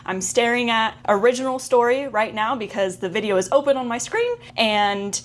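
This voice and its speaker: A young woman hosting an excited anime reaction vlog, gushing and talking fast. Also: fairly high pitch. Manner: bubbly, gushing, gasps and squeals of excitement.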